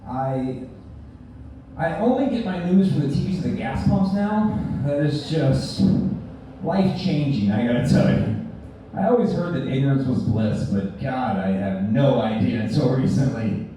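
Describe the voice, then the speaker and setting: Deadpan stand-up comic in an echoey bar. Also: male voice, medium pitch, normal speed, a little hiss or hum. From North Carolina. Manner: dry, conversational joke delivery. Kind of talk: stand-up comedy set. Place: bar stage with audience. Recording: distant, echoey bar room recording.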